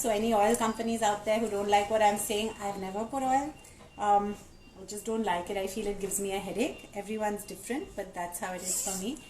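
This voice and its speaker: A woman's voice: medium pitch, a little hiss or hum, rough recording. A woman hosting a casual live stream, chatting candidly and reading viewer comments aloud.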